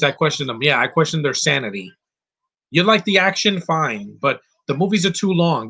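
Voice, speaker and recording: A man's voice: on the high side, fairly bright tone, husky. A man giving casual live commentary over a film, opinionated and rambling, with frequent fillers and restarts. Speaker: movie commentary host.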